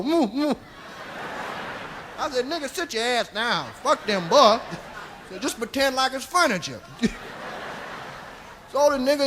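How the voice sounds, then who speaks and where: A male stand-up comedian telling a profane, rambling tall tale, tagging lines with "see?", going quiet for quoted lines and shouting at the peaks. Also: very high-pitched, a little hiss or hum. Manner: drops to a hushed voice for quoted lines, rises to shouting at the climax. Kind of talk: stand-up storytelling. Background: audience laughter.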